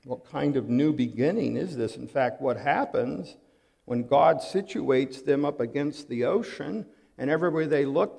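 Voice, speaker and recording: A pastor preaching a sermon, dramatic and full of rhetorical questions, swinging from hushed to loud. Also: male voice, medium pitch, creaky, slightly rough. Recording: long hall reverb.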